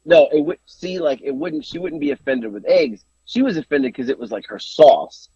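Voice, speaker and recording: Gravelly, husky man telling a rambling story. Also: fairly high pitch, moderate pace, no room sound, lo-fi sound. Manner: animated rambling storyteller, frequent restarts. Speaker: podcast host. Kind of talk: casual podcast chat.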